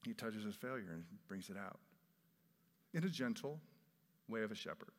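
A man preaching a sermon in a conversational, expressive way, his voice swelling for emphasis. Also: lowish voice, moderate pace. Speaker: pastor. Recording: long reverb of a large hall.

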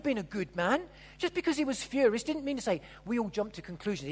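A preacher giving a sermon, telling the story vividly and swinging between loud exclamations and hushed asides. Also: medium pitch, brisk, husky. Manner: animated storytelling, acting out the characters' lines.

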